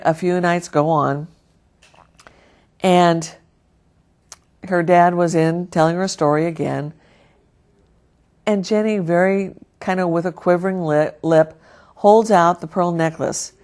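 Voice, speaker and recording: A woman preaching a sermon by telling a story in an earnest manner. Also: fairly low pitch. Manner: earnest, storytelling, softens at the close. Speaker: Christian speaker.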